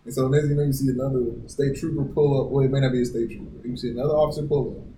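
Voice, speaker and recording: Animated man telling stories in a roomy room. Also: medium pitch, rapid-fire. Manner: animated storytelling, acts out quoted people, swears a lot. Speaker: podcast co-host. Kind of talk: casual chat. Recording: roomy, distant mic with faint noise.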